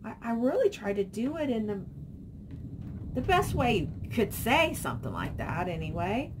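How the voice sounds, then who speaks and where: A woman's voice: fairly high pitch, sing-song, moderate pace, background noise. A middle-aged woman vlogging casually, rambling and reading viewer comments aloud. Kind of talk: casual chat.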